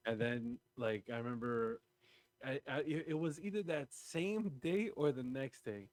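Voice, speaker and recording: An animated young man co-hosts a podcast, telling stories in casual chat and acting out the quotes. His mid-range voice moves at a moderate pace, and the sound is dry and close with no room sound.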